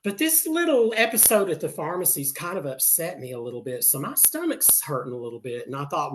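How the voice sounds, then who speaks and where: A man's voice: fairly high pitch, sing-song, brisk, few pauses, a little hiss or hum. An older man from Texas doing a campy, sassy stand-up set, punctuated with air kisses. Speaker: stand-up comedian.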